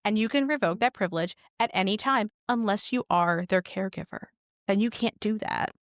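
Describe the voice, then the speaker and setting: A woman's voice: medium pitch, fairly quick, no echo, studio quality. A woman co-hosting a casual podcast, telling stories with lots of swearing and acted-out quotes. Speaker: podcast co-host.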